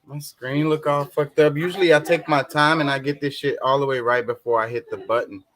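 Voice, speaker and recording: Profane, flustered young host. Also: male voice, on the high side, steady tone, fairly quick, fairly bright tone. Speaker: show host. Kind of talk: casual livestream chat.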